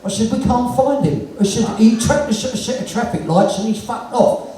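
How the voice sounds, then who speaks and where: Very high-pitched and brisk, this London man's warm voice rises and falls with lively intonation as he tells earthy, swear-filled stories on stage, voicing all the dialogue himself. He's a punk musician guest in a live storytelling chat before an audience at a music venue, captured from far off in an echoey room.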